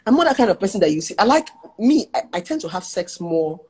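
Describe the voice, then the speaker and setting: A woman with a Nigerian accent speaks as a talk show guest, chatting candidly. Her voice is slightly husky and sits at a middling pitch for a woman. She tells personal stories with lively, laughing energy. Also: fast talker. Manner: animated, frank, laughs while telling stories. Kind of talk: casual chat and personal storytelling.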